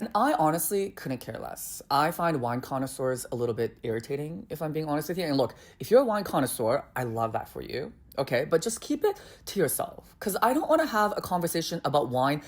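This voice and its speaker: A man from North America doing a stand-up comedy rant, exasperated, animated and confessional. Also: medium pitch.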